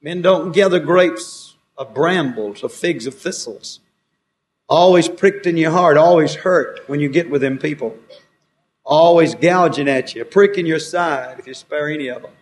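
A man preaches a sermon, his voice sitting a little higher than most men's. He quotes old scripture and swings his emphasis up and down, pressing hard on key words and then dropping low and quiet. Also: moderate pace. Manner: preaching with rising and falling emphasis, quoting scripture.

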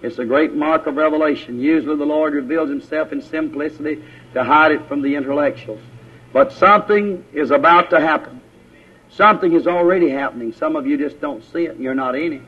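A man's voice: on the high side, slightly rough. A man preaching a sermon at a church service in a folksy, rising and falling manner. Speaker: pastor. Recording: dull lo-fi church tape.

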